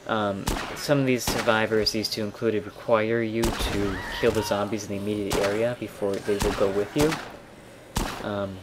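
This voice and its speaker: A man casually commenting on a video game as he plays, explaining in a relaxed way with wry asides. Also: lowish voice, normal speed, heavy background noise. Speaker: let's play commentator. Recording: game audio with gunfire mixed under voice. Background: clear game sounds and gunfire.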